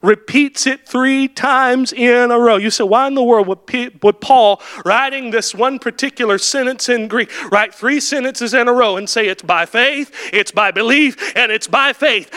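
A man preaches a sermon in a very high, piercing voice. He swings from fervent shouted lines to hushed, drawn-out words and hammers his points with repetition. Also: clear, resonant tone. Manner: impassioned preaching, rising to shouts and dropping to near-whispers.

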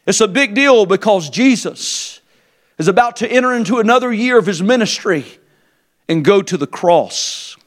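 A man preaching a sermon to a congregation, impassioned, swinging between shouted emphasis and quiet, low asides. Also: lively intonation, normal speed. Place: church service before a congregation.

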